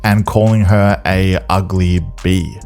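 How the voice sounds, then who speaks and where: A man with a fairly low voice delivers scripted commentary on online drama. He sounds blunt and dismissive. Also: little pitch movement, slow, a little mellow, clear, resonant tone, faint music behind. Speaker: commentary channel host.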